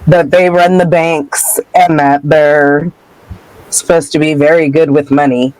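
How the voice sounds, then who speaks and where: A podcast co-host, a man, chimes in with tentative, musing remarks. His voice sits a bit high and his talk comes slowly. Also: level tone, darkish tone, dry recording, rough recording. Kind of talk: casual chat.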